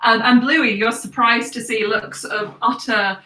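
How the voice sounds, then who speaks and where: A woman's voice: fairly high pitch, unhurried, recorded from a distance. Game master woman in a roomy room. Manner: relaxed, chatty narration with fillers. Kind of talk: narrating a tabletop game.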